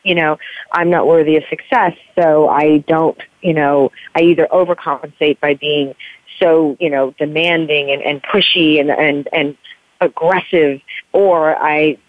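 A woman's voice: sits low, fairly even intonation, a little slow, no room sound. A woman in her forties talks candidly as an interview guest. She rambles earnestly and leans on "you know" often. Her voice comes through a thin, tinny phone line with a dry, close sound. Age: 40s. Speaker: author guest. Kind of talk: candid podcast interview talk.

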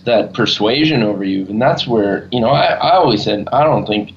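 A man with a fairly low voice leads a casual chat as a youth leader. He tells earnest stories in a halting way and often stops to search for words. The recording sounds dull and lo-fi. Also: lively intonation, a little hiss or hum.

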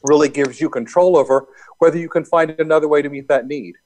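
A man interviewed as a hypnosis and NLP coach, explaining his work in a calm, easygoing way. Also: fairly high pitch, quick pace. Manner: calm, explanatory, laughs easily. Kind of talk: casual interview talk.

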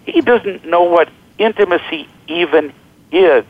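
A middle-aged man, a guest author, telling animated, joking stories in an interview and acting out what people said. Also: high voice, moderate pace, muffled recording. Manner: animated, joking, acts out quoted voices. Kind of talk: storytelling interview talk.

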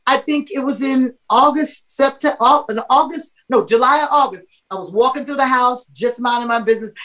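A middle-aged woman, a singer and guest, telling stories in a casual interview, animated and laughing often. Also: on the high side, low-quality recording.

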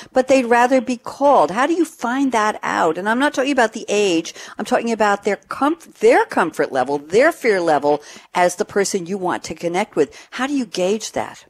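A woman hosting a radio talk show, bringing in her panelists and asking them questions in a brisk, engaged way. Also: fairly low pitch.

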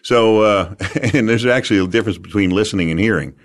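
A man from the United States, an animated and emphatic storyteller, giving sales advice as an interview guest. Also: on the low side, fairly quick.

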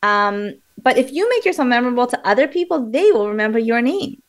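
A woman guest on a radio interview, explaining memory techniques in a lively, animated way with frequent fillers and restarts. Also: on the high side, brisk.

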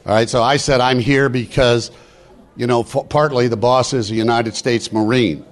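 A middle-aged man speaking at a live business networking event, preachy and rapid-fire, urging the crowd on. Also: mid-range voice, fairly even intonation. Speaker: motivational speaker. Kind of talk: live stage speech. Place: event hall.

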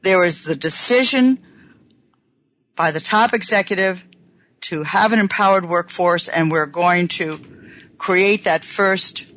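An earnest woman hosts her radio show from a studio mic. She talks in an unhurried way and stretches out the words she wants to stress. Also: lowish voice, fairly bright tone, low-quality recording. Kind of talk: reflective talk-radio monologue.

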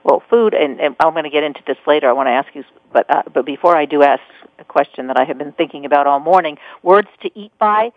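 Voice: medium pitch, quick pace, dry recording. A radio talk show host interviewing a guest, thinking aloud and asking questions. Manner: conversational, thinks aloud with fillers. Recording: dry, phone-like radio sound.

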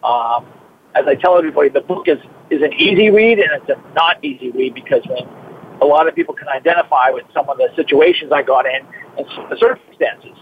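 A man's voice: a little high, fast talker. A man in his fifties from Massachusetts with a Boston accent, a guest talking at length in a chatty way with many fillers. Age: 50s. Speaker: guest, trainer and author. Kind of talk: interview over the phone. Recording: tinny phone line with faint hiss.

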